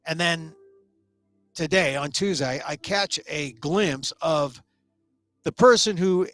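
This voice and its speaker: A middle-aged man hosting his own talk show, delivering an emphatic solo commentary monologue that speeds up and slows down for stress. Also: on the high side, a bit bright, soft background music. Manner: emphatic, shifting pace for stress.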